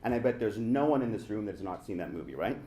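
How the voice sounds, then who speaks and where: A man's voice: on the low side, very animated, fast, warm tone. A man from the Indian subcontinent, an actor, giving a prepared panel speech to a room full of people, reflective and pressing his points with rhetorical questions. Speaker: actor speaking on a festival panel. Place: room with a live audience.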